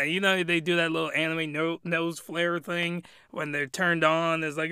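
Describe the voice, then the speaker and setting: High-voiced man on a crude comedy rant. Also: steady tone, moderate pace, hardly any pauses, bright, forceful tone, clear, resonant tone, dry recording, studio quality. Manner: crude, rambling and exasperated. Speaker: anime reviewer.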